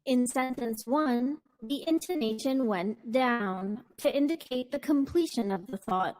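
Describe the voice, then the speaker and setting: A woman hosting a scripted podcast lesson, speaking slowly and carefully. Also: on the high side, a little mellow, rough recording. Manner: slow, careful delivery. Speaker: podcast host teaching intonation.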